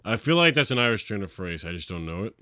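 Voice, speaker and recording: A man's voice: lowish voice, big pitch swings, fast, bright, forceful tone. A man co-hosting a reaction video over a call, chatting and explaining with lots of fillers. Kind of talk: casual chat.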